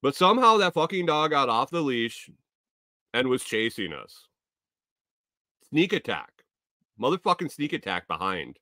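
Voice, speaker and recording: A man hosting a podcast, telling a casual, rambling story full of profanity that now and then rises to loud exclamations. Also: medium pitch, very animated, measured pace, long pauses, dry recording, studio quality. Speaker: podcast host.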